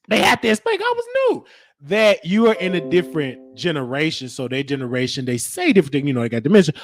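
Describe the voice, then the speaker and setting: A man hosting his show, telling stories in a lively way and acting out the people he quotes. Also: high voice, no echo. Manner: animated, acts out quoted voices. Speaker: show host. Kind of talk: storytelling.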